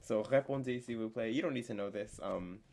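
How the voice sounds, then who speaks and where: A young man teaching a casual online French lesson, chatty and full of fillers, slowing down to spell out words. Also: lowish voice, gravelly, darkish tone.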